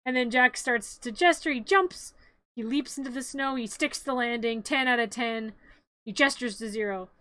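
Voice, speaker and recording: A woman's voice: fairly high pitch, normal speed, dry recording. A woman streamer giving a rambling, joking play-by-play of a film in a casual live stream. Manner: animated, rambling play-by-play with jokes.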